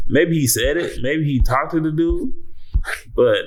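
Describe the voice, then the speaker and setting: A man hosting an entertainment commentary vlog, talking casually in slang, swearing freely and breaking into sudden high-pitched exclamations and laughter. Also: unhurried. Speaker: entertainment news host.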